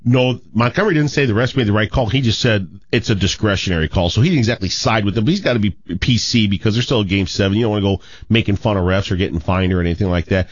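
Low-voiced male sports radio host. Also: quick pace, hardly any pauses, no room sound, muffled recording. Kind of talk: casual sports radio chat.

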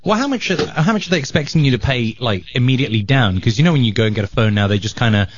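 A man's voice: mid-range voice, animated, rapid-fire, highs cut off, background noise. A man co-hosting a radio talk show, reacting and asking questions casually. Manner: reacts with short interjections. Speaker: radio co-host.

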